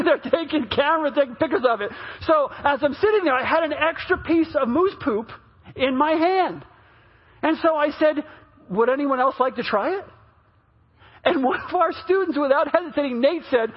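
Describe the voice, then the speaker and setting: A man pastor telling a story in a chatty sermon, with many restarts, getting louder toward the punchlines. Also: very high-pitched, a little fast, highs cut off.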